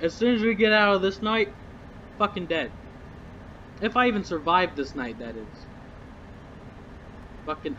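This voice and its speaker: A man's voice: on the high side, pushed and bright, muffled recording, slight background noise. A young man commentating a horror game, jittery and nervous, swearing and muttering to himself. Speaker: gamer.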